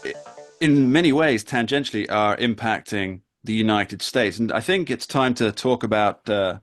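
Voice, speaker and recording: Man, political talk host, measured, wry, lowish voice. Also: soft background music. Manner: measured, wry, pauses to rephrase. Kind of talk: political discussion.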